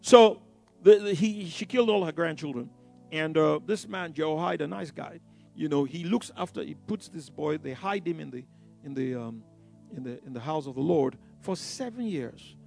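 Male preacher, exuberant and halting, with a high, gravelly voice. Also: darkish tone, faint music behind. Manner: exuberant, rallying the congregation, bursts of emphasis; halting, with many fillers and restarts. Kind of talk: sermon.

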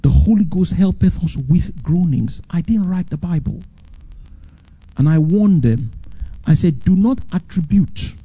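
A man preaching a sermon as pastor, with animated delivery that swings from high emphatic lines to low, drawn-out ones. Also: breathy edge, muffled recording.

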